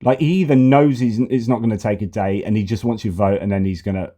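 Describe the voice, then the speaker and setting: A man's voice: fairly low pitch, steady tone, quick pace, mellow. A man giving sarcastic, exasperated political commentary, often repeating himself. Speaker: news commentator.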